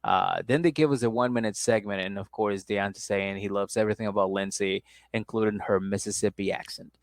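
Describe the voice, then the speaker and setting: A man's voice: lowish voice, fairly even intonation, fairly quick, no room sound. Man, podcast co-host, loose chatty recap, laughs a lot, dry close sound. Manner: loose and chatty, laughs often, mimics people in raised voices. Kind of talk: casual chat recapping a reality show.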